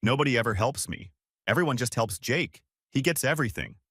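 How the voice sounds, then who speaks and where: A man voicing a weepy, self-pitying grown woman in a read-aloud family story, his voice pitched up and whiny. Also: expressive, a little fast, fairly bright tone, husky, no echo, clean studio sound. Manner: whiny, pleading.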